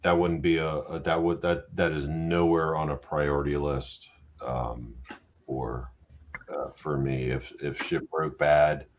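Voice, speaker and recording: A man's voice: extremely low pitch, little pitch movement, a little slow, a little hiss or hum. A middle-aged man hosting a casual live-stream chat, blunt and profane, joking around. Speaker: host.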